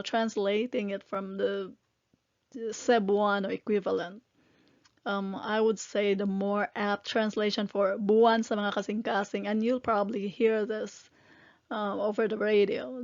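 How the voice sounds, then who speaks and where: A woman from the Philippines teaching a language lesson, explaining words patiently syllable by syllable with frequent pauses and fillers. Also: mid-range voice, darkish tone, no echo, highs cut off.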